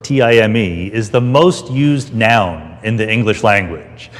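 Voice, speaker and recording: A man giving an explanatory talk in an animated, conversational way. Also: fairly low pitch, measured pace. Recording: roomy reverb with music.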